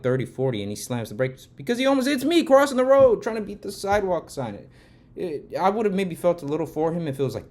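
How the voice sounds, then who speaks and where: A man vlogging a casual storytime rant, swearing and getting heated as he tells it. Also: mid-range voice. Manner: heated, swearing, gets loud when retelling the argument. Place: Los Angeles.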